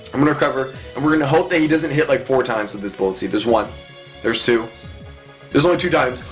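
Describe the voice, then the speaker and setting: A young man giving chatty, excitable live commentary on his own gameplay, talking through each move. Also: medium pitch. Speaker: gaming commentator.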